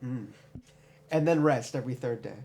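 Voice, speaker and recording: A man's voice: mid-range voice, normal speed, darkish tone, slight background noise. A man co-hosting a podcast, riffing with crude jokes in casual chat. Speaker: podcast co-host.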